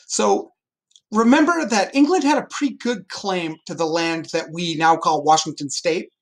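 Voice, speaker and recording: A male teacher giving a lively history lesson to his class, joking and pointing things out as he explains. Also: sits high, moderate pace.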